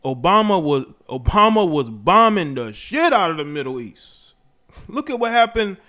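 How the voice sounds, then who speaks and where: A man hosting a livestream, reacting to clips, shouting out viewers and arguing his points. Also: high-pitched, big pitch swings, normal speed. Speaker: livestream host. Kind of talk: reaction commentary.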